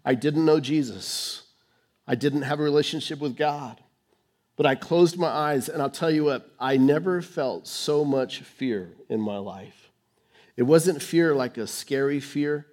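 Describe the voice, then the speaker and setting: A male pastor preaching a sermon on stage under lights, sharing his testimony with dramatic swings between hushed and emphatic, rushing then slowing for key phrases. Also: a little high. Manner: fast rushed delivery, slowing for key phrases.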